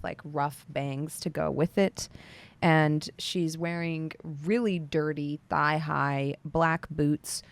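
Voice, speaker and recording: Slow, gravelly woman game master. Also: sits low. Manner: unhurried, descriptive. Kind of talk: narrating a tabletop game.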